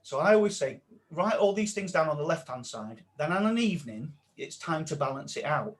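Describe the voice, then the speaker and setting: A man, a mindset coach speaking as a podcast guest, animated and dropping his voice low when he quotes self-talk. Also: a little fast. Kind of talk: casual podcast interview.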